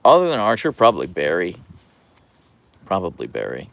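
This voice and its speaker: A man hosting a casual livestream, reading viewer comments aloud in a calm, soft-spoken voice with a radio-like quality. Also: low-pitched, moderate pace, gravelly. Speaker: livestream host. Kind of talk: casual live-stream chat reading comments.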